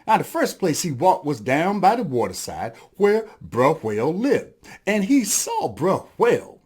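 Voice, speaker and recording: A man telling a folktale as a storyteller, lively and addressing the audience, adding sound effects as he goes. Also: on the high side, measured pace, husky.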